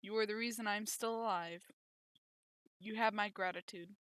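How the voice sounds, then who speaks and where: A woman reading aloud as a gentle young princess, soft and concerned. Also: medium pitch, steady tone, normal speed, dry recording, lightly acted.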